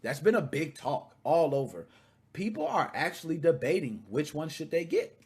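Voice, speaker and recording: A man hosting a casual gaming podcast, ranting animatedly and breaking into shouts when excited. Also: on the high side, normal speed, husky. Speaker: podcast host.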